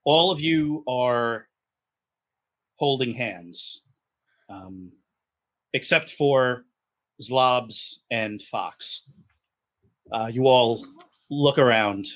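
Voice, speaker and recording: Easygoing male game master, slow delivery, bright voice. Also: mid-range voice. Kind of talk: narrating a tabletop game.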